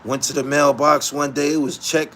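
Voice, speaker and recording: A man's voice: normal speed, slight background noise. A man hosting a podcast, telling a story in a loose, profane way, often breaking into laughter. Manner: laughing, profane, swings from low mutter to high excited yelps. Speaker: podcast host.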